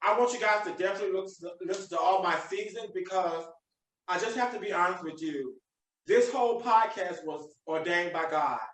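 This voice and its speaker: A man's voice: high voice, a little fast, a bit bright. A man hosting a live podcast. He preaches with motivational emphasis. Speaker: podcast host. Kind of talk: live video podcast chat. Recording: echoey room, distant mic.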